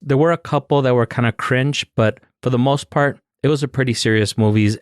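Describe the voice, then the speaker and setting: A man's voice: medium pitch, fairly quick, smooth, no room sound. Dry, sarcastic man podcast co-host. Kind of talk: casual podcast chat.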